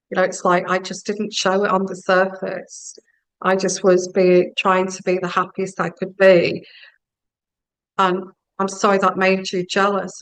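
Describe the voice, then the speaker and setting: A woman with a gravelly, creaky voice gives a spoken tarot reading. She muses slowly and speaks straight to the listener as she gives her advice. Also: mid-range voice, fairly bright tone, low-quality recording. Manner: slow, musing, addresses the listener directly. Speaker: tarot reader.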